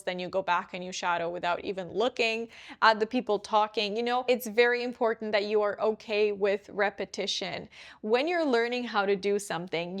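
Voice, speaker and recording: A young woman giving a casual pronunciation lesson to camera, chatty and often checking in with the viewer as she explains. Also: medium pitch. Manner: chatty, often checks in with "right?" and "you know". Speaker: English pronunciation coach.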